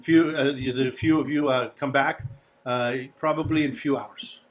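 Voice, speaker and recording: A man's voice: mid-range voice, fairly even intonation, moderate pace, roomy sound, slight background noise, lightly acted. A man doing a fussy old innkeeper. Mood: earnest. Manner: broken phrasing, formal and fussy.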